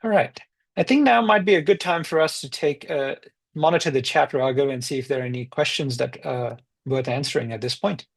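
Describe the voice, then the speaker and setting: A man leading a live online software demo on a video call, explaining each step in turn. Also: medium pitch, a little fast, gravelly. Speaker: trainer.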